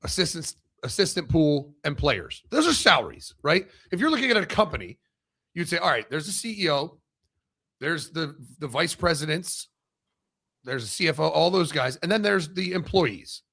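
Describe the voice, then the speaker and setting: A man's voice: on the high side, very animated, moderate pace, vocal fry, pushed and bright, husky. A man co-hosting a sports podcast in casual, blunt and profane talk, often restarting his sentences as he makes a point.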